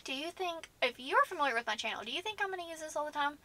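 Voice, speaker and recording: A woman's voice: high-pitched, animated, very fast, sharp tone. Chatty woman sorting makeup. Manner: chatty, indecisive, laughs often. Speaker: beauty vlogger. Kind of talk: casual chat to camera. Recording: audible background noise.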